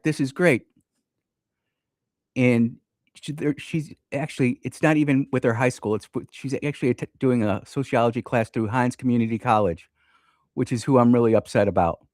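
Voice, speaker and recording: A man's voice: mid-range voice, no echo. Fired-up male radio host, dry studio sound. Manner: fired-up, preachy, addresses listeners directly. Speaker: radio talk show host. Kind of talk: opinionated radio talk.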